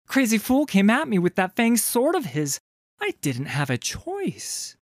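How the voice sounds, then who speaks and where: A man's voice: medium pitch, very animated, unhurried, dry recording, studio quality, pitched above the performer's own voice. A man voicing a cool, taunting female pirate bounty hunter with a wry, teasing manner.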